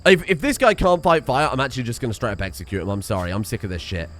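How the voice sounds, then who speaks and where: A man giving excitable, sweary let's play commentary, laughing often. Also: medium pitch, very fast. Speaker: gaming streamer.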